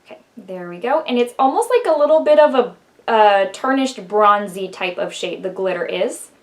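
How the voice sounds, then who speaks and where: A middle-aged woman chatting casually through a makeup tutorial, laughing often and filling pauses with "um" and "like.". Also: medium pitch, lively intonation. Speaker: beauty vlogger.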